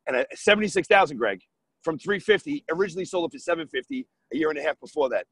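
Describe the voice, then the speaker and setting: A man's voice: fairly high pitch, fast talker, vocal fry, slightly rough, dry recording, rough recording. A man from New York, a real estate investor, telling a deal story as a podcast guest and acting out the dialogue. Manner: animated, acts out dialogue in his story.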